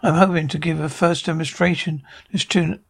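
A man voicing a defensive scientist who explains and excuses himself, in a gravelly voice. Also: fairly high pitch, fairly even intonation, brisk. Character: nervous, defensive alien scientist.

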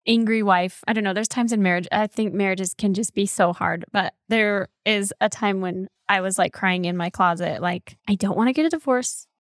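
A woman's voice: mid-range voice, normal speed, hardly any pauses, no echo, clean studio sound. A woman hosting an interview podcast, chatty and sympathetic, with light joking asides. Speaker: podcast host. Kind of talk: conversational interview.

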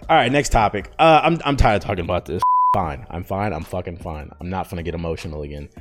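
Over music, a podcast host in his thirties vents in a rambling, emotional, candid monologue full of swearing. He has a deep voice with lively intonation and talks quickly.

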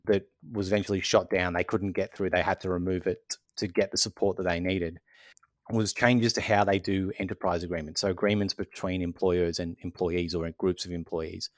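Man, very low voice, dry close sound, steady step-by-step explaining, casual podcast. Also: no echo. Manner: explains step by step, with frequent "so essentially" and "um" fillers. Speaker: podcast co-host.

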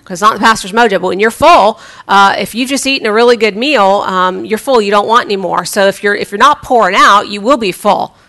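A woman's voice: medium pitch, a little fast, hardly any pauses, bright, forceful tone. A woman preacher giving a conversational sermon, chatty and humorous, often restarting her sentences.

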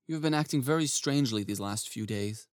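An actor playing a mild, eager-to-please clerk husband in an audio drama, speaking in a gentle, coaxing way. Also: male voice, medium pitch, brisk, no echo, close to an everyday voice. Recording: dry close studio sound.

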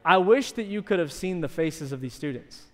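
A man delivers a sermon from the pulpit, telling a story with animated energy. His voice sits a little high. Long reverb from the church sanctuary trails behind each phrase. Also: moderate pace. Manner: animated storytelling, shouting in acted quotes. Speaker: pastor.

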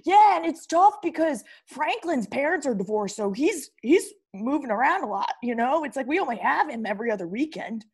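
A woman's voice: high voice, sing-song, normal speed, hardly any pauses, husky, full character voice. A woman playing a brash, slangy teenage boy who breakdances and pranks, in an improv comedy interview. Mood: boastful. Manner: slangy, boastful, calls people bro.

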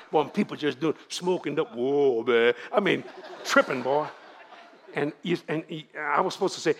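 A man in his seventies with a Louisiana Cajun accent, preaching to a congregation in a folksy, animated storytelling way. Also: on the high side, normal speed, breathy edge.

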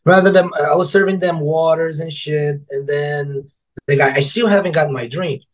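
This is a man speaking as a podcast guest, his voice sitting a little higher than most men's. He talks in loose, run-on bursts full of restarts and easy profanity. He slips into lively impressions of coworkers and customers as he goes. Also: normal speed, low-quality recording. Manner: animated, swears freely, acts out quotes of coworkers and customers; loose, rambling phrasing with restarts. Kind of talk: casual storytelling interview.

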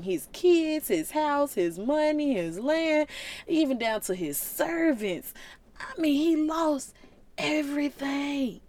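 Animated woman preaching casually. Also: high voice, a little hiss or hum. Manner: colloquial, animated, conversational. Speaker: Christian vlogger.

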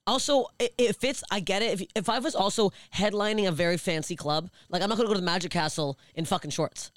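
A woman's voice: medium pitch, fast talker, dry recording. A woman comedian from Canada telling heated, profane stories in a casual podcast chat. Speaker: guest comedian.

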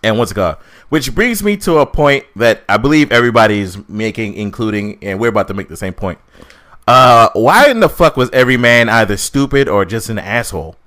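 A man's voice: medium pitch, a little fast. Profane, ranting male podcast host. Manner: animated, profane ranting with mocking asides. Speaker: podcast co-host reviewing a film. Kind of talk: casual chat.

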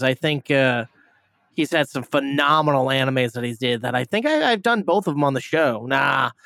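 A man's voice: mid-range voice, a bit bright, dry recording. A man hosting a movie review podcast, retelling a plot in a rambling, casual way, full of fillers, restarts and swearing.

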